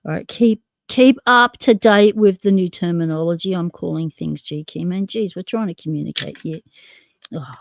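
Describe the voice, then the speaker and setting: A woman of ordinary pitch hosts a relaxed live stream, thinking aloud as she fiddles with small parts. Her talk is chatty and conversational, answering viewers as she goes. The sound is dry and close, with little room echo. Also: a little slow. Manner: chatty, narrating while tinkering, reading chat aloud. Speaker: livestream host. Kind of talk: casual live stream chat.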